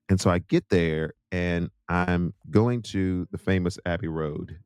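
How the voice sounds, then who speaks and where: A deep-voiced American man tells a long, chatty story, wandering off into asides to his viewers. The recording is dry and close, with no room sound. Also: brisk, darkish tone, dry recording. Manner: rambling, chatty, self-interrupting with asides to viewers. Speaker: Christian music artist and host. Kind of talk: casual storytelling monologue.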